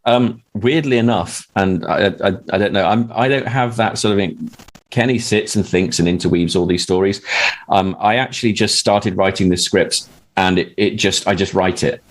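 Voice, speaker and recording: A man, the script's writer, talking casually on a podcast in a halting way with lots of restarts. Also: sits low.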